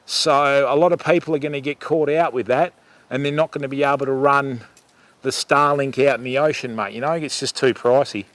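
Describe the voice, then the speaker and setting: A man's voice: medium pitch, fairly even intonation, brisk, fairly bright tone, dry recording. A middle-aged Australian man hosting a fishing livestream outdoors by a river, chatting casually with viewers and calling them mate. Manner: chatty, calls viewers mate and lovey, rambling asides. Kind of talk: casual live chat with viewers.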